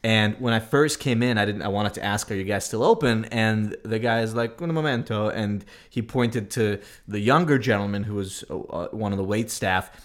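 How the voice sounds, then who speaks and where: A man co-hosting a podcast, a native Russian speaker telling a travel story in a relaxed, casual way with many fillers. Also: on the low side, normal speed, few pauses. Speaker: podcast co-host.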